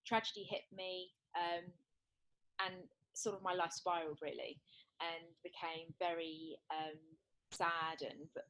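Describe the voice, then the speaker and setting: A woman from the UK with a British accent, a former TV host talking as a guest in an interview, pausing often with fillers. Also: on the low side, steady tone, fairly bright tone, low-quality recording. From United Kingdom. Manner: hesitant, many fillers. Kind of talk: casual interview talk.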